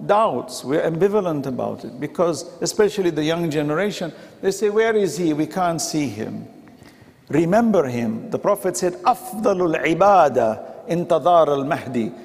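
A man giving a conversational sermon in a mosque, acting out the quoted dialogue as he goes. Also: on the high side. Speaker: preacher. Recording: reverberant mosque hall.

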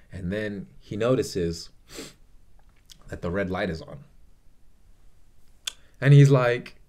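A young man with a fairly low voice recaps a movie in a loose, heartfelt vlog. He swears freely and trails off into fillers as he rambles through the story. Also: slow pace, long pauses, dark tone. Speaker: vlogger. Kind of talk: casual movie review.

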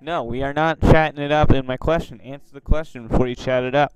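A man's voice: mid-range voice, fairly even intonation, fast, clean tone, no room sound, soft background music, rough recording. A man who makes online videos, giving casual commentary on video chats and reacting to viewers with exclamations and asides. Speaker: YouTuber.

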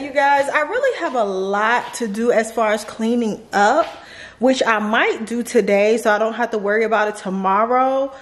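A woman's voice: on the high side, expressive, normal speed, slight background noise. A woman, chatting casually to her viewers in a home vlog. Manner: chatty, talks straight to viewers with y'all. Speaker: vlogger, mother of young kids.

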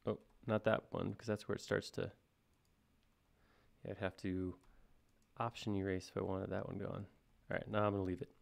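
A man with a lowish, gravelly voice walks through a live software tutorial. He thinks aloud as he goes and jokes at his own expense in a relaxed, chatty way. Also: moderate pace, long pauses. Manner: thinks aloud, casual and self-deprecating. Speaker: software instructor. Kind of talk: live-stream modeling tutorial.

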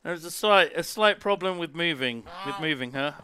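A man hosting a live gaming stream, excitable and laughing, swearing freely as he chats. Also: a little high, moderate pace, a crowd in the background. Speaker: streamer host.

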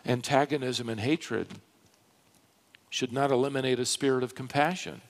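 A man preaching a sermon from a church pulpit, slow and dramatic, swelling into emphatic rises. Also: medium pitch, fairly even intonation. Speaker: pastor. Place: church sanctuary.

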